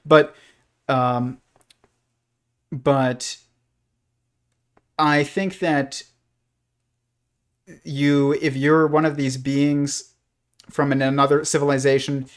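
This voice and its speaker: A man's voice: mid-range voice, flat delivery, very slow, long pauses. A man hosting a livestream, talking through ideas in a rambling, hesitant way with many fillers and restarts. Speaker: livestream host. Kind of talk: casual livestream commentary.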